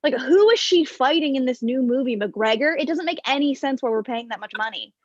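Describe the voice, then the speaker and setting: A young woman performing a stand-up set over an online stream, wry and self-deprecating, with plenty of fillers. Her voice sits a bit high. The sound is dry with no room and slightly dull, as if through a modest mic. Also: expressive, a little fast, no room sound. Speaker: stand-up comedian.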